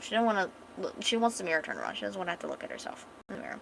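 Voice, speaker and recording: A woman streamer casually retelling a comic story as she draws, chatty and animated. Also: medium pitch, racing, vocal fry, slight background noise, poor audio. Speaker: art streamer. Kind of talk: casual storytelling while drawing.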